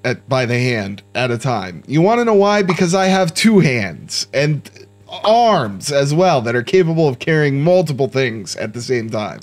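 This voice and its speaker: A young man giving casual, joking let's-play commentary, talking to himself with sudden startled outbursts. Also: mid-range voice. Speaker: gaming YouTuber.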